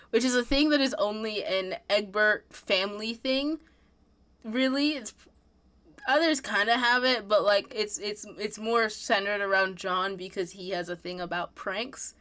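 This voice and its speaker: A woman's voice: medium pitch, a bit bright. A woman streamer from Pennsylvania with a Pennsylvania accent, chatting playfully and teasing while reacting. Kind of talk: casual reaction stream chat.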